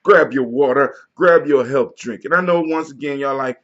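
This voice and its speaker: A man's voice: mid-range voice, animated, moderate pace, few pauses, fairly bright tone. A man hosting a daily toast livestream, talking casually with slangy, preacher-like hype. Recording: dull lo-fi with music behind. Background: music.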